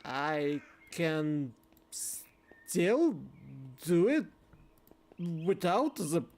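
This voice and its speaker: A man streaming a game, thinking aloud and shouting calls to the characters. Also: a little high, big pitch swings, very slow. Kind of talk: game let's-play commentary.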